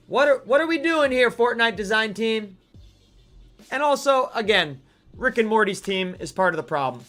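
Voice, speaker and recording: Male stream host, sharp bright tone, animated mock-outraged rants. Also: sits high, moderate pace, soft background music. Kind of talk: live-stream gaming commentary.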